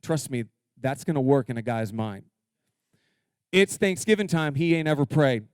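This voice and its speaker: A male pastor preaching a sermon in a church, energetic and humorous, drawing call-and-response from his congregation. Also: medium pitch, normal speed, long pauses, clean tone, no room sound, clean studio sound. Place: church sanctuary.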